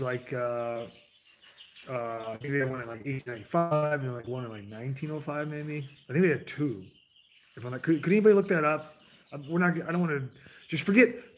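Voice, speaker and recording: Rambling man, slightly high voice. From United States. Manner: digressive, restarts sentences, jumps between tangents. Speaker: livestream host. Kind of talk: casual rambling monologue to chat.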